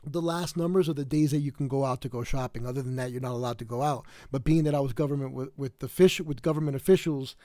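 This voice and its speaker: A man's voice: medium pitch, fast talker, few pauses, dark tone, dry recording, studio quality. A tired man from the South Bronx with a New York accent, chatting casually to his livestream viewers, rambling with lots of fillers and restarts. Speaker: livestream host.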